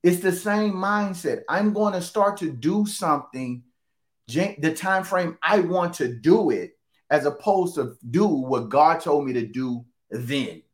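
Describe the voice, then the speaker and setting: A man's voice: on the high side, lively intonation, measured pace. Emphatic man preaching a casual sermon. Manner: conversational, emphatic, repeats phrases for emphasis.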